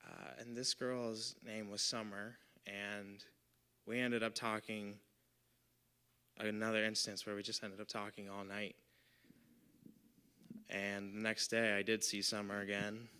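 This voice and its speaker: A young man in his twenties tells a personal story on a live storytelling stage. His voice is bright and tense, crisp and clean, loose and chatty, with constant "like" and "you know" fillers. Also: lowish voice. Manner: casual, filler-heavy, lots of "like" and "you know". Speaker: volunteer storyteller.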